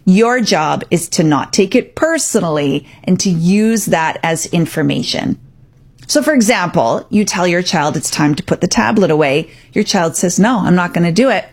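A woman's voice: on the low side, expressive, moderate pace, slightly rough. A woman hosting a radio talk show, giving firm, coaching parenting advice and acting out quotes.

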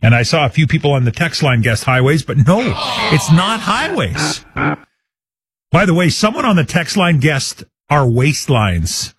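A man's voice: a little high, expressive, moderate pace, few pauses, slight background noise. A man hosting a live call-in radio quiz show, chatty and upbeat, taking listener guesses. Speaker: radio talk show host.

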